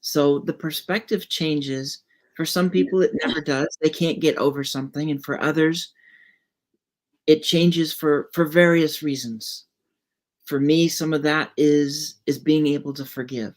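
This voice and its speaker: A woman hosts a podcast and muses in casual conversation. She slips into storytelling and restarts her phrases as she goes. Her voice sits fairly low for a woman. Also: fairly even intonation, unhurried. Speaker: podcast host.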